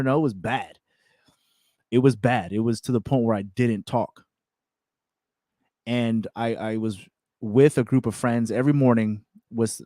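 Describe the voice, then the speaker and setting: A young man hosting a self-improvement show, telling a personal story in a candid, repetitive, animated way. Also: mid-range voice, no room sound, studio quality. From California. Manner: candid, repeats words, animated retelling with laughs. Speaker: self-improvement podcast host.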